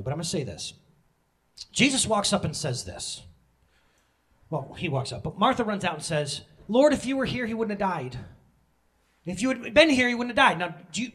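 A man in his thirties preaching a sermon, candid and joking, with sudden loud emotional bursts. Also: a little high. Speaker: pastor.

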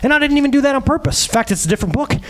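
A man's voice: extremely high pitch, lively intonation, racing. A man in his thirties giving a sermon as a pastor, earnest and full of rhetorical questions.

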